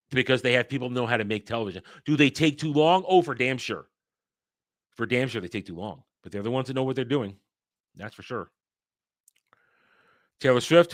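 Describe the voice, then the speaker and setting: A man's voice: medium pitch, a bit bright, no room sound, clean studio sound. A man hosting a daily entertainment news show, reading headlines and giving blunt, profane, irritated takes. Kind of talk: casual ranting commentary on headlines.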